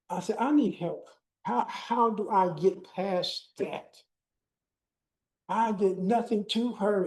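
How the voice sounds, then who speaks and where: Older male speaker, warm dark tone, testimony-style storytelling with dialogue. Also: sits high, rough recording. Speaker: keynote speaker. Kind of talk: personal testimony speech.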